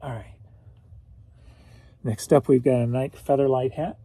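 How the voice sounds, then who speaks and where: A man's voice: mid-range voice, fairly even intonation, a little slow, dark tone, husky, no room sound. A man from St. Louis, Missouri, rambling through a casual solo reseller vlog, chatty and at times emotional. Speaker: reseller vlogger.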